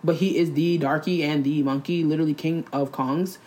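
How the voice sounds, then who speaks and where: A young woman in casual chat, blunt and animated, talking in slang with many "like"s. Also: deep voice, brisk.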